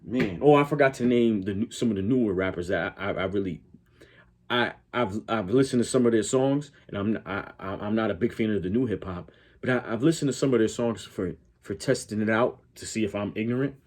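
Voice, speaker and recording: A man's voice: on the low side, fairly quick, a little mellow. A man hosting a reaction video, talking in a blunt, profane, argumentative way. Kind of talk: casual reaction commentary.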